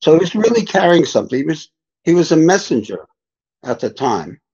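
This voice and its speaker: Guesting on a podcast, an older man who teaches spirituality tells reflective stories without hurrying. His fairly high voice has a darkish tone and wide pitch movement, and he talks a little fast. The audio is dull and lo-fi.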